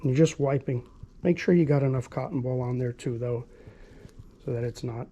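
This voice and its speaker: A man, a dog groomer, talking viewers through a hands-on grooming demonstration in an earnest, repetitive way, with soft soothing asides to the dog. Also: mid-range voice, normal speed, lo-fi sound, a little hiss or hum.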